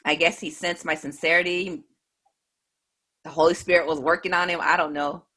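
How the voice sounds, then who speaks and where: A woman earnestly recounting a personal faith testimony in a measured way. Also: deep voice, steady tone, pushed and bright. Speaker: speaker giving a faith testimony.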